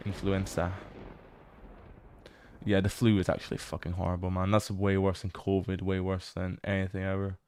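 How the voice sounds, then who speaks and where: A man's voice: low voice, little pitch movement, a little fast, darkish tone, clear, resonant tone, dry recording. A man streaming a horror game, chatting casually as he explores, laughing often and swearing now and then. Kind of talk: casual livestream commentary while exploring a game.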